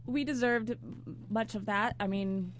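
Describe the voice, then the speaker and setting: A woman's voice: mid-range voice, measured pace. A woman on a live internet radio talk show, rambling and apologetic in casual chat and laughing often. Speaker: show staff member.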